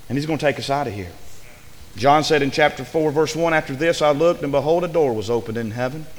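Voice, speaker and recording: A man's voice: on the high side, fast. A man preaching a sermon, asking his congregation rhetorical questions with rising fervor. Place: church. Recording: long hall reverb.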